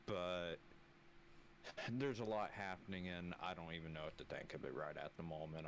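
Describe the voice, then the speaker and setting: Extremely deep male voice, weary and halting, casual gamer talk, faint hiss. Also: fairly bright tone, low-quality recording. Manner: weary, halting, many kinda fillers. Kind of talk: casual gaming chat.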